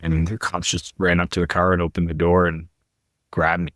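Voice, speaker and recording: A man's voice: low-pitched, monotone, moderate pace, fairly bright tone, no echo, clean studio sound. A middle-aged man, a podcast guest, telling his life story candidly and earnestly, often quoting other people as he goes.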